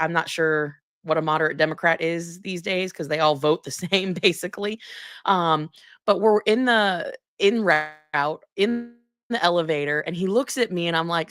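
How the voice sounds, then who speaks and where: Emphatic low-voiced congresswoman guest. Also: clear, resonant tone, dry recording, studio quality. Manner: emphatic, indignant, laughing at times, many restarts. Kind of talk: political interview.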